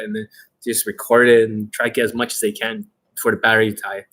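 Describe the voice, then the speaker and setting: A man's voice: on the low side, fairly quick, pushed and bright. A man hosting an unscripted coaching Q&A, talking in a blunt, aggressive and profane way. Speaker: dating coach host.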